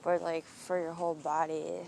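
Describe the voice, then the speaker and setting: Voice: mid-range voice, flat delivery, normal speed, gravelly, darkish tone, slight background noise. A vlogger walking outdoors and thinking aloud in a rambling, introspective monologue, swearing freely and breaking off and restarting thoughts.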